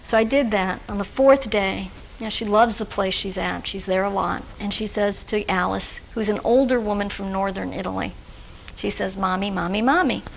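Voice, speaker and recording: The recording is poor, with slight background noise, as a woman lectures social workers at a workshop in front of a live audience in a lecture room. Her mid-range voice is creaky and moves at normal speed, and she speaks conversationally with fillers, restarts and personal stories.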